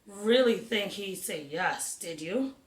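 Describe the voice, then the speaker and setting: A woman's voice: medium pitch, animated, slow. Skeptical, blunt girl, read by a woman. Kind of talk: read-aloud storybook voice. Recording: roomy echo.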